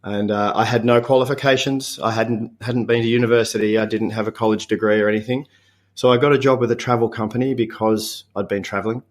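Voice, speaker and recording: A man in his fifties with an Australian accent, a podcast guest talking in a relaxed, reflective way with frequent chuckles and halting restarts. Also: lowish voice. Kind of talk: casual interview chat.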